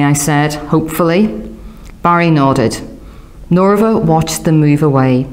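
A woman reading a novel aloud, giving the characters lively raised voices. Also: deep voice, unhurried. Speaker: audiobook narrator. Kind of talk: audiobook reading.

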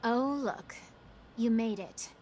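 Popola, a cool mocking woman. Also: on the high side. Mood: cold. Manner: calm, measured, mocking. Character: calm, cold-hearted woman revealing a secret.

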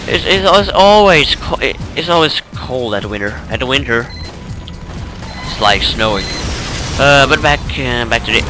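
A man's voice: medium pitch, expressive, unhurried, sharp tone, faint music behind. Tired guy rambling over gameplay. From Norway. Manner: rambling, self-correcting, chuckling. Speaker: let's play gamer. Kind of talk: casual gameplay commentary.

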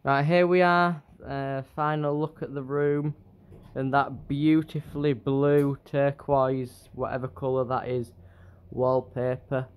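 A man's voice: mid-range voice, flat delivery, slow pace, a little mellow, clear, resonant tone. A man from England chatting to camera in a travel vlog, rambling with fillers and asides from a hotel room. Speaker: travel vlogger. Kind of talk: casual vlog chat to camera.

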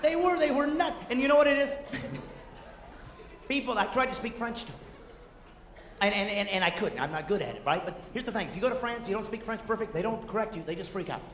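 A man performs a high-energy stand-up routine on a theater stage, ranting and jumping into shouted asides. His voice sits high. The recording is an old, noisy capture from a long-reverb hall. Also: animated, a little fast, pauses often. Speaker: stand-up comedian. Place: theater stage before a live audience. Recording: echoey hall, noisy 1990s concert recording.

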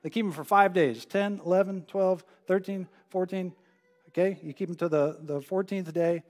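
A man's voice: high voice, steady tone, moderate pace, a little mellow. A male pastor preaching a sermon in a conversational way, repeating phrases for emphasis. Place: church sanctuary. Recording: live church broadcast with long hall reverb.

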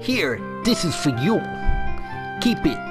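A man reading a slow, grateful villager. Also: a little high, sing-song, over music, pitched above the performer's own voice. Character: grateful villager with rebuilt house.

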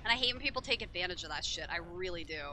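A woman's voice: fairly low pitch, lively intonation, racing, bright, forceful tone, soft background music. A young woman streaming a horror game, talking to her chat with frequent swearing and frustration. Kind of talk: casual game commentary.

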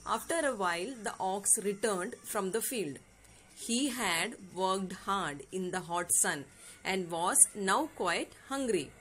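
Reading a fable to her students, a woman teacher with an Indian English accent patiently and slowly explains each word, asking "yes or no?" along the way. Her mid-range voice is a bit bright with lively intonation, and there's slight background noise.

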